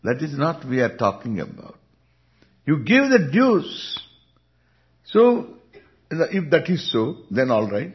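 A man with an Indian accent, a spiritual teacher giving an unhurried Vedanta discourse, chuckling often as he speaks. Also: on the high side. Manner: unhurried, chuckling, lively intonation. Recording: dull lo-fi recording.

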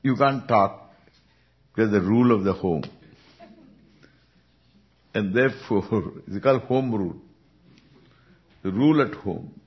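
Slow Indian-accented spiritual teacher. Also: male voice, mid-range voice. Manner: unhurried, chuckling, lively intonation. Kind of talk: Vedanta discourse. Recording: dull lo-fi recording.

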